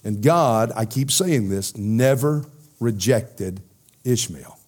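A middle-aged man delivering a sermon at an unhurried, deliberate pace. His voice sits in a middle register and turns emphatic, then drops low and soft for his key points. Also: lively intonation. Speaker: preacher. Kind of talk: sermon with questions from the congregation.

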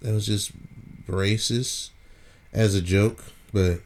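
A man's voice: fairly low pitch, steady tone, slow pace, a little mellow. A man co-hosting a podcast, chatting loosely and joking with plenty of swearing. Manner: loose, profane, joking banter. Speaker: podcast co-host. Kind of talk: casual chat.

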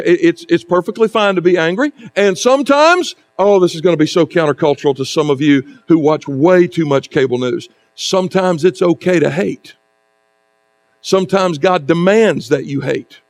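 High-voiced man preaching conversationally. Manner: conversational preaching with rhetorical asides and dramatic pauses. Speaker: pastor. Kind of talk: sermon.

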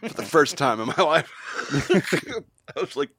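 A man's voice: fairly high pitch, very animated, measured pace, fairly bright tone, slight background noise. A man hosting a podcast, chatting casually and profanely, mocking the news he reads out. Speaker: podcast host. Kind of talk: casual comedic banter.

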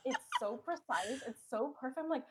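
A woman's voice: sits high, expressive, moderate pace, heavy background noise. A young woman guest in a casual chat, talking freely with lots of restarts. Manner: chatty, trailing restarts.

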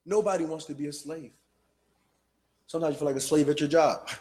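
A man preaching a sermon with passion, shouting hard and then dropping to a low, quiet voice. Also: fairly even intonation, a little fast. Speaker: pastor.

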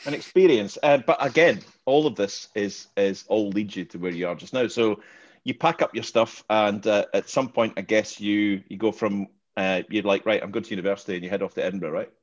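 A man's voice: on the low side, normal speed. A man hosting a podcast, asking his guest questions and affirming his answers in an encouraging way. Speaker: podcast host. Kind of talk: interviewing a guest. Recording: muffled lo-fi sound.

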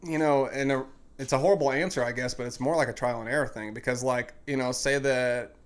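A man's voice: medium pitch, fairly even intonation, brisk. A young man co-hosting a podcast as a fitness coach, talking casually and rambling with many fillers.

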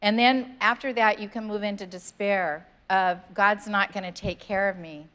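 A woman's voice: mid-range voice, fairly even intonation, moderate pace, fairly bright tone. A woman pastor giving a sermon in church, earnest and conversational, reading scripture aloud. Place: church sanctuary.

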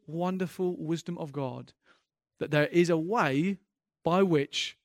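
A man's voice: a little high, measured pace, no echo, clean studio sound. A man preaching a sermon as a pastor, earnest and impassioned, often restarting his sentences and building in intensity.

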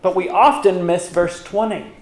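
A man's voice: high voice, fairly even intonation, normal speed, a little mellow, reverberant. A man pastor preaching a sermon, asking rhetorical questions and reading scripture aloud with emphasis.

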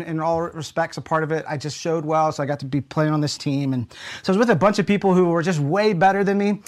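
A young adult man, a pastor from the United States, preaching a sermon with earnest storytelling that drops to a hush at key moments. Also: a little high.

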